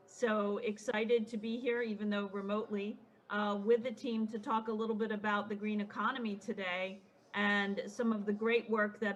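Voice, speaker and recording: A woman's voice: medium pitch, fairly bright tone, rough recording. A woman introducing herself on an online panel, friendly and a bit flustered, with many fillers. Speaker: panelist, company founder.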